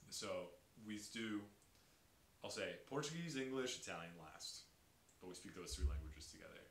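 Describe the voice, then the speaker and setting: A man chatting energetically on a podcast, explaining language and accents with lively enthusiasm. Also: low-pitched, normal speed. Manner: energetic, imitates Italian accents. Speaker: podcast guest. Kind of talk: casual podcast chat. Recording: echoey room with faint hiss.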